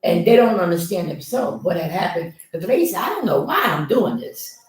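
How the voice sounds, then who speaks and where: A woman's voice: on the low side, expressive, brisk, heavy reverb, far from the mic. A woman host chatting casually with her guest, with short affirming replies. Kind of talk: casual interview chat.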